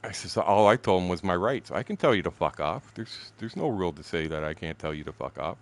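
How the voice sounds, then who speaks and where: A Canadian man in his sixties with a deep voice and lively intonation tells a story during a game stream. Talking fairly quickly, he's blunt and profane and laughs as he goes in this casual chat.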